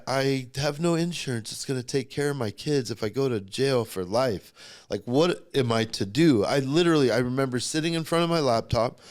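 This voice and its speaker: Blunt, emotional middle-aged man telling his story. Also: mid-range voice. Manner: blunt, profane and emotionally charged. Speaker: podcast guest. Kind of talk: personal storytelling in conversation.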